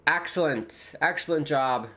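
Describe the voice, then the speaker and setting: A man hosting a live football watchalong from home, calling the action casually, joking and reading viewer comments aloud, loud and excited at near misses. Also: on the high side, measured pace. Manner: chatty, jokey, reads viewer comments aloud, gets loud at chances. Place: home with dogs nearby.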